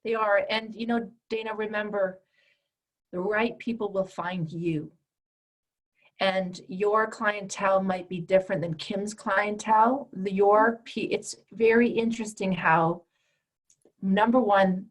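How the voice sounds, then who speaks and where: A woman's voice: medium pitch, steady tone, measured pace, low-quality recording. A woman coach teaching a group call, speaking directly and emphatically and acting out the voices she quotes. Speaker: empowerment coach and trainer.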